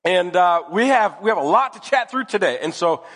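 Pastor with a cold in a reverberant hall. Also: male voice, sits high, animated, normal speed, fairly bright tone. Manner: chatty, joking, conversational. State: has a cold. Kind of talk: casual sermon. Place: church hall.

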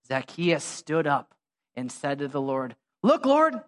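A man delivers a sermon from the pulpit in a relaxed, conversational manner, joking and slangy. His voice sits in a middle pitch. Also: unhurried. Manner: conversational, animated, slangy preaching. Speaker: pastor. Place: church.

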